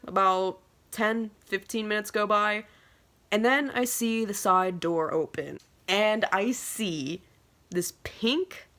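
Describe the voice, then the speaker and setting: A woman in her twenties telling a casual storytime vlog, swearing constantly and talking excitably. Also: lowish voice. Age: 20s. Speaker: vlogger.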